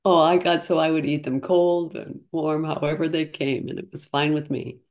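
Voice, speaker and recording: A woman's voice: deep voice, steady tone, moderate pace, darkish tone. A woman in her sixties, a podcast guest, telling her story in a chatty, earnest way with frequent restarts. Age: 60s. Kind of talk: casual storytelling interview.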